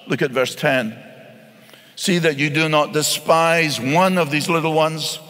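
A man's voice: fairly high pitch, a bit bright. A man preaching a sermon, earnest and pleading, often repeating words as he presses his point. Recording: long hall reverb.

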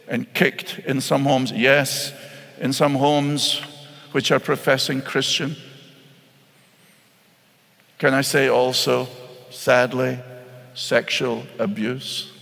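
A man's voice: medium pitch, gravelly, fairly bright tone. A man preaching a sermon, earnest and pleading, often repeating words as he presses his point. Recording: long hall reverb.

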